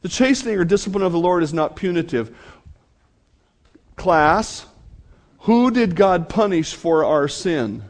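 A man's voice: high-pitched, lively intonation, unhurried, pauses often. A man preaching a sermon to his congregation, speaking earnestly and addressing them directly. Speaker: pastor.

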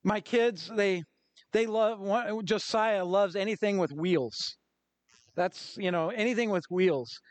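High-voiced man preaching animatedly. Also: takes it slowly, no room sound. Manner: animated preaching with acted-out quotes. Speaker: pastor. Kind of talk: sermon.

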